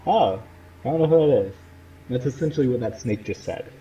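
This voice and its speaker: A man's voice: mid-range voice, animated, brisk, mellow, breathy edge, dull audio. A man giving casual, joking commentary while playing through a game. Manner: joking, chatty, playful asides. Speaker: gamer. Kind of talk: casual let's play commentary.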